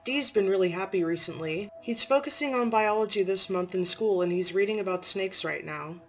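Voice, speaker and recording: A woman's voice: mid-range voice, fairly quick, lightly acted. A woman voicing a polite, self-effacing mother figure who talks in a subdued way, in an amateur story reading.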